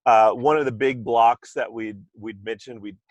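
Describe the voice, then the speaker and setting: A man's voice: medium pitch, steady tone, normal speed, a little mellow, no room sound, muffled recording. A man hosting a podcast in casual chat, talking loosely with asides and restarts over a remote call microphone. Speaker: podcast host.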